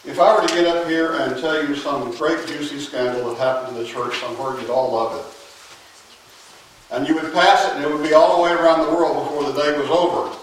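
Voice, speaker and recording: Emphatic preacher in an echoey church. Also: male voice, a little high, fairly even intonation, slight background noise. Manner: emphatic, with long pauses and sudden drops to a quiet voice. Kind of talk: sermon. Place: church sanctuary. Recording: very echoey church, mic at a distance.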